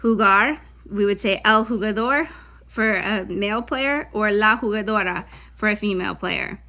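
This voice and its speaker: A woman's voice: mid-range voice, normal speed, sharp tone. A woman Spanish teacher giving a recorded lesson, chatty, correcting herself, with Spanish terms mixed into her English.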